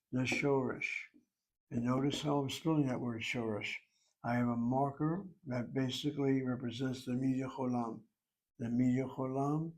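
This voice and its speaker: A man's voice: mid-range voice, a little mellow, poor audio. A man teaching a Hebrew lesson, explaining words step by step and spelling some out letter by letter.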